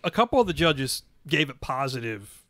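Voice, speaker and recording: A man co-hosting a comedy podcast from a home setup, chatting in casual banter, excitable, laughing a lot and swearing freely. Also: medium pitch, normal speed, dry recording, studio quality. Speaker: podcast co-host. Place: home studio at co-host's house.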